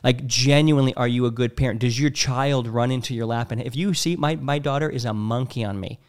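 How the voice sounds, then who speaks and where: A man in his thirties talking casually and bluntly, acting out quotes with animated voices. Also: medium pitch, brisk. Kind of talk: casual podcast chat.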